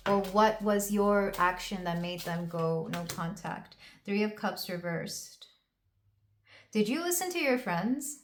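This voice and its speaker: A woman's voice: mid-range voice, animated, slow pace, slight background noise. A young woman doing a casual tarot reading to camera, talking in an emotional, rambling way with many fillers and restarts. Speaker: tarot reader. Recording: roomy echo.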